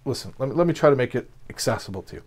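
A man's voice: medium pitch, animated, racing, darkish tone, lightly acted. A man voicing a pious male rabbi in a told story, patiently explaining something simply.

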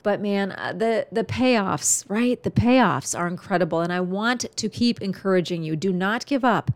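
Earnest encouraging woman podcast host. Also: medium pitch. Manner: earnest and encouraging, addresses the listener as a friend. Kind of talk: heartfelt podcast monologue.

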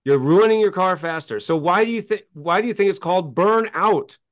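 A man's voice: sits high, a little fast. A man, a success coach and author, talking as a guest in an interview, telling stories emphatically and acting out quotes. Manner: emphatic, animated storytelling with acted-out quotes.

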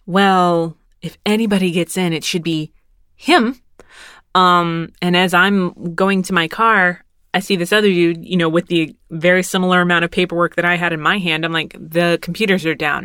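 Woman, thirties, low-ish voice, wry rambling storyteller, casual monologue, dry close sound. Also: normal speed, pushed and bright, no echo. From Texas. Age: 30s. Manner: rambling, wry, swears casually, laughs through her story.

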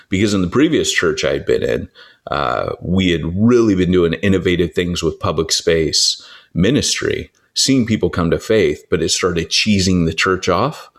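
A low-voiced man, a church planting author, teaching in a relaxed conversational way. He tells stories with lively energy, slips into quick acted-out voices and restarts his sentences often. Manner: animated storyteller, acts out quoted voices, frequent restarts.

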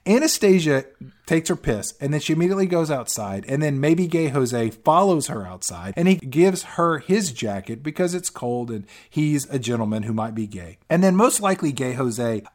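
A man's voice: medium pitch, very animated, moderate pace, a little mellow. A man recapping a movie with sarcastic jokes, now and then slipping into mocking voices. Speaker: podcast co-host.

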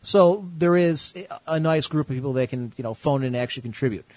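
A man's voice: mid-range voice, quick pace, darkish tone, dry recording, poor audio. A man from the United States hosting an online call-in show, laid-back and joking with crude language. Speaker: show host.

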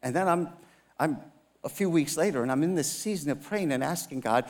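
A man's voice: fairly high pitch, brisk. Storytelling pastor in his fifties, reverberant hall. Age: 50s. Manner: storytelling with self-mocking humor and acted dialogue. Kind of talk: sermon.

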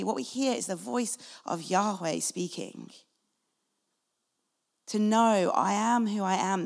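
A woman's voice: medium pitch, vocal fry. A woman preaching a sermon in an earnest, conversational way, acting out short quotes, recorded in a church hall. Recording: long reverb of a large hall.

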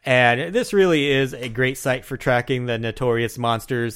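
A man's voice: medium pitch, normal speed, clean tone. A man co-hosting a casual gaming podcast, explaining things in a laid-back way and slurring his words together a bit. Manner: self-described mumbler, relaxed explaining. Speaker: podcast co-host.

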